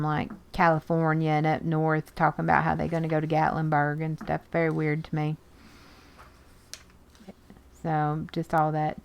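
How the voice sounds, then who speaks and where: Slow-talking woman, low voice. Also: creaky. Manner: chatty, exclaims over pictures, reads snippets aloud. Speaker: art journaling video host. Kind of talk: casual chat while sorting magazines.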